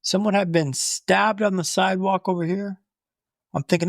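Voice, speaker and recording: A young man telling his own story in an animated way, with punchy short phrases. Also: high voice, moderate pace, no echo, clean studio sound.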